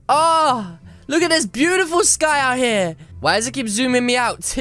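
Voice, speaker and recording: A woman's voice: fairly high pitch, animated, a little fast, a bit bright. A woman making a gameplay video, narrating with dramatic commentary, scolding other players and letting out yelps and shrieks.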